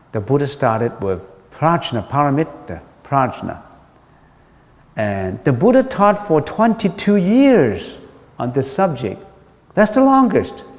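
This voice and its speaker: Monk giving a dharma lecture, voice goes up and down a lot, long hall echo, repeats himself patiently. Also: male voice, medium pitch, darkish tone. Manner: patient, repeats key points, frequent ums.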